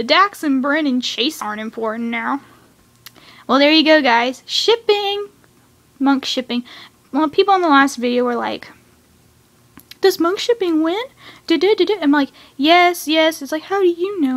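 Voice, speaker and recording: High-voiced gushing young woman fan rant. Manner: gushing, rambling, acts out characters with sudden high cries. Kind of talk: excited fan rant about a cartoon episode.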